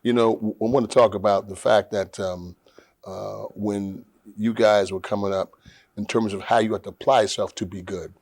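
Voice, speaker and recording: A man's voice: fairly low pitch, steady tone, normal speed, a little mellow, dry recording, clean studio sound. A man hosting an interview, prompting his guests and agreeing with them often. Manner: affirming, chimes in with "that's right". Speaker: interview host.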